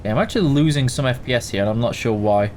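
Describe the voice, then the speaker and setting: A man's voice: mid-range voice, fast, darkish tone, a little hiss or hum. A man hosting a casual live game stream, greeting viewers by name and answering chat while tired and yawning.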